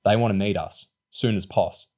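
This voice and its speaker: Calm teen boy spy, man reading him, low and steady. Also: moderate pace, natural voice. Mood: matter-of-fact. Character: cool-headed teenage boy agent.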